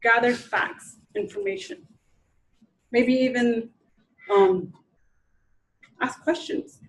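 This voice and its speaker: A woman's voice: fairly high pitch, big pitch swings, slow pace, gravelly, rough recording. Woman trainer lecturing conversationally. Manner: conversational, restarts sentences, acts out quotes. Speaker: presenter at a training session. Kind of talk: informal lecture to an audience.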